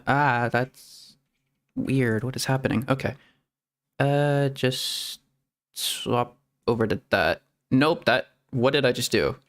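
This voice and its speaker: A live streamer chats at a mid pitch, giggling between nearly every sentence. The talk rambles and doubles back in a silly, self-correcting way. Quiet music plays faintly behind the voice. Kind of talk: casual live-stream chat. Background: faint background music.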